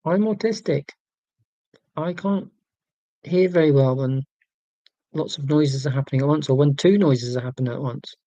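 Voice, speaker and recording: A man's voice: a little high, moderate pace, pauses often, dark tone, dry recording, lo-fi sound. A man in his forties chatting casually on a livestream, reading viewer comments and rambling in a wry, self-mocking way with lots of ums and restarts. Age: 40s.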